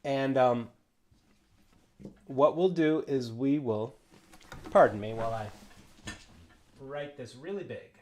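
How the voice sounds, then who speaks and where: A man teaching a ukulele lesson on a livestream, relaxed and encouraging, counting out beats as he explains. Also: medium pitch, takes it slowly, long pauses, a little hiss or hum. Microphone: livestream camera mic.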